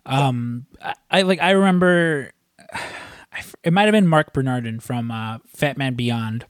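A male podcast host talks in a loose, rambling way, circling back with restarts and dropping casual curses. His voice sits at a middling pitch. The recording is dry and close, with no room sound. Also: unhurried, clear, resonant tone, no room sound. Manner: rambling, profane, frequent restarts.

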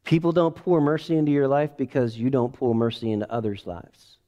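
A middle-aged man preaching as a pastor, emphatic, swinging from quiet asides to loud bursts and leading the congregation in call-and-response. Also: mid-range voice, steady tone, brisk, highs cut off. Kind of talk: sermon.

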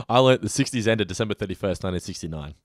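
A man's voice: lowish voice, dry recording, studio quality. A man co-hosting a podcast in casual chat, rambling with frequent restarts. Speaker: podcast co-host.

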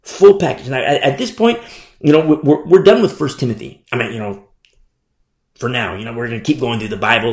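A middle-aged man preaching a sermon as pastor, animated and repetitive, with many asides. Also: medium pitch, roomy sound.

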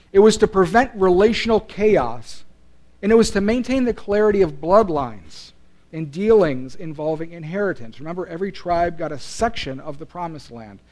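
Earnest higher-voiced male pastor preaching. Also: darkish tone. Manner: earnest, emphatic preaching with rising and falling intensity. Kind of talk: sermon.

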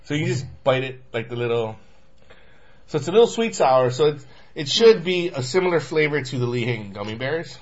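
A man's voice: medium pitch, a little fast. Rambling man hosting a snack tasting. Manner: rambling, laughs easily, talks with his friends. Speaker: host. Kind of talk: casual chat, snack tasting. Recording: lo-fi with steady noise.

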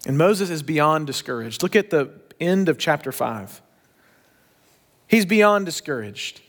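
High-voiced man preaching a sermon. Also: animated, a little slow. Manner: storytelling, emphatic, varies pace for emphasis. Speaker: pastor.

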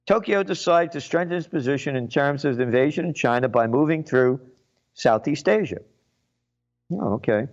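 A man delivers a solo rant, full of sarcasm and indignant emphasis. His voice sits fairly high for a man. The recording is muffled and lo-fi. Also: expressive, moderate pace. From the Bronx, New York. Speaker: commentator. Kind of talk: ranting solo commentary.

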